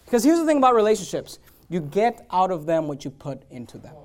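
A high-pitched male pastor in full sermon mode. He drops to quiet, close asides, then climbs into loud, hammering runs of repeated phrases. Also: sing-song, fast talker. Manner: preaching with swings from hushed to loud, emphatic repetition.

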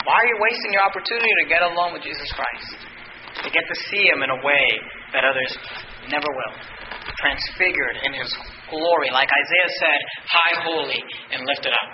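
High-voiced male preacher in a roomy church. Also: fairly quick, noisy background. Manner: preaching, climbing to shouts when quoting scripture. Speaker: pastor. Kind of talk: sermon. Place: church sanctuary. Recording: roomy, dull church recording.

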